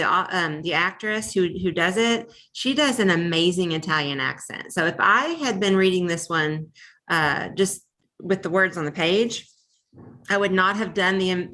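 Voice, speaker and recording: Chatty woman with a bright voice. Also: on the low side. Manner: chatty, rambling with many fillers and restarts. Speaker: library podcast co-host. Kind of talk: casual book chat.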